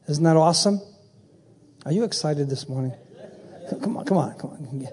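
A man's voice: on the high side, expressive, moderate pace, pauses often, mellow, slightly rough. A middle-aged man preaching a sermon, asking his listeners to answer and fill in his sentences. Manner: call-and-response preaching, quizzing the audience. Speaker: pastor.

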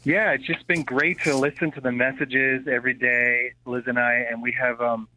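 A man's voice: medium pitch, level tone, normal speed, sharp tone, a little hiss or hum. A male pastor calling in to a radio show to share a testimony, friendly and chatty. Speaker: caller, missionary pastor. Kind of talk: phone call-in. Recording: dull phone line.

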